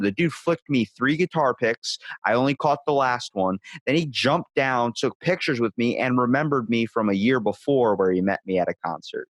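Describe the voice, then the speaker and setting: A young man in his twenties tells stories in relaxed podcast chat, swearing freely and jumping into higher voices for the people he quotes. His voice sits at a middle pitch. The recording is dry and close, with no room sound. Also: no room sound. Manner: animated, profane, acts out quotes in a higher voice. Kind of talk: casual storytelling chat.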